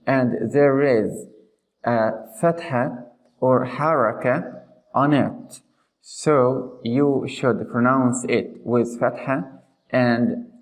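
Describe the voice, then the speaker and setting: Very slow, deliberate male teacher. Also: medium pitch, low-quality recording. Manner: slow, deliberate, repeats example words and asks "okay?". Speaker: Quran recitation teacher. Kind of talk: slow explanatory lesson.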